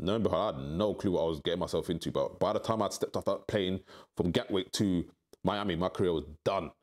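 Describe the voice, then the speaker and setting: Man, middle-aged, candid storytelling, animated, acts out quotes. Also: quick pace. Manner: animated, acts out quoted voices with big pitch jumps. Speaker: interview guest.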